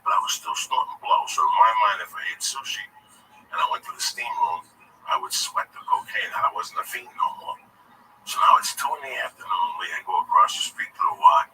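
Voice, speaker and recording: Guy swearing his way thru a story, voice swings all over, sharp bright tone, mic kinda far off w faint hiss. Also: medium pitch, brisk. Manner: profane, animated, keeps addressing the listener by name. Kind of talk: casual storytelling on a voice chat. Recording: distant mic with faint background noise.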